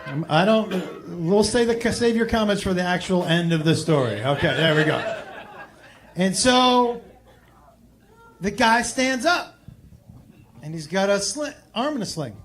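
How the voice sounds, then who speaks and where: A high-pitched man doing stand-up on a club stage, telling his story with big swings between hushed asides and loud punchlines. His voice comes through a handheld stage mic. The live room adds clear crowd murmur and noise under him. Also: animated, unhurried, pauses often. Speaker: stand-up comedian. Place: comedy club stage before an audience.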